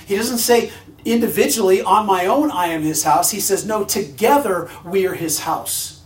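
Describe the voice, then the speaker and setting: A man preaching a sermon with a high voice, driving his points home through repetition and questions to the listeners. His voice carries the roomy sound of a church sanctuary, picked up from a distance. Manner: emphatic, repeats phrases for stress, asks the congregation questions. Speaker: pastor.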